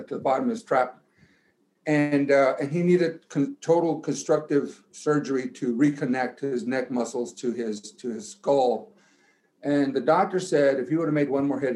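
A man who played college football gives a motivational pep talk that swells toward shouting and then tells a long story. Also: mid-range voice. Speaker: guest giving a pep talk.

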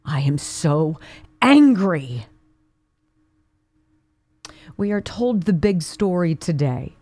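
A woman's voice: medium pitch, darkish tone, no room sound. A woman hosting a talk radio show, delivering an indignant opinion monologue full of rhetorical questions. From Pittsburgh area.

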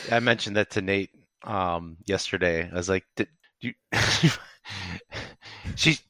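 A man's voice: low voice, slow pace, sharp tone, dry recording. A man co-hosting a casual sports podcast, laid-back and hesitant, giving short replies. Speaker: podcast co-host.

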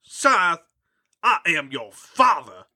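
Dude doing a big pompous vampire dark lord dad, super theatrical, slow and bright. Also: male voice, high voice, sing-song, breathy edge, voice pushed down, exaggerated voice. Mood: grandiose. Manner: overblown, theatrical, laughing through lines.

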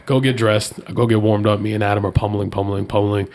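A man in a casual chat, telling a story and voicing the people in it, leaping up in pitch when he quotes them. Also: fast, slight background noise. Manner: animated, jumps high when quoting people.

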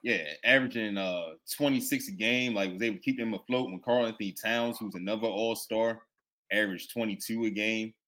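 A man on a casual sports podcast, calmly running through player statistics. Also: on the low side, fairly quick. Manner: steady, stat-heavy.

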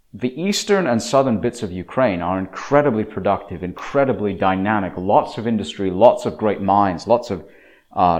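A man talks through a long commentary monologue in a lowish voice. He is opinionated and emphatic, often restarting phrases and filling pauses with "uh" and "um" as he builds his case. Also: a little mellow. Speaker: political commentator.

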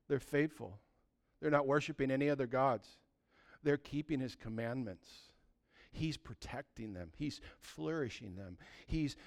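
A man preaching a sermon, retelling a story in an animated, conversational way. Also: medium pitch, vocal fry.

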